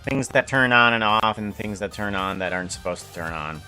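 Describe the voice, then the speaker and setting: A man streaming live, chatting casually in a rambling, halting way as he works. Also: fairly low pitch, sharp tone, soft background music. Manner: rambling, halting, self-correcting.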